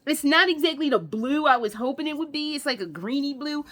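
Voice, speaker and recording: Young woman vlogger, high voice, swears a lot, gets all gushy while unboxing. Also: fairly quick. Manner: profane, excitable, gushing. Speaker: fashion vlogger. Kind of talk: casual unboxing chat. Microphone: camera with ring light.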